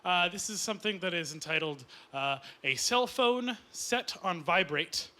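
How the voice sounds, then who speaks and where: A Canadian man doing a stand-up set on a club stage, talking in a deadpan, rambling way with lots of uhs, recorded live with the audience. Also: measured pace. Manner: deadpan, rambling with many uhs and lively jumps in pitch. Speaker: stand-up comedian. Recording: live club recording with loud audience laughter and ambient noise. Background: audience laughing and applauding.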